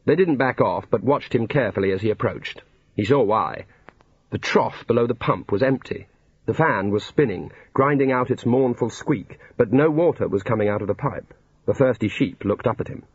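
A man's voice: medium pitch, moderate pace, slightly rough, no room sound. A man narrating a comic fantasy novel in a dry storytelling manner. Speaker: audiobook narrator. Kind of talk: scripted narration. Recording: dull lo-fi recording.

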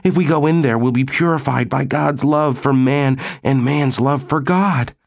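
A man voicing an excitable, zealous woman in an audiobook, speaking in a high, fervent, exclamatory way. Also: moderate pace, gravelly, lightly acted.

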